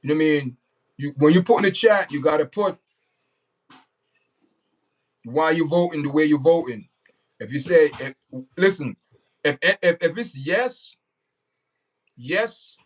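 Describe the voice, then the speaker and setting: A man's voice: fairly high pitch, far from the mic, poor audio. A man hosting a casual livestream, talking straight to his chat and repeating himself. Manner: repetitive, talks straight to the chat. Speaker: livestream host.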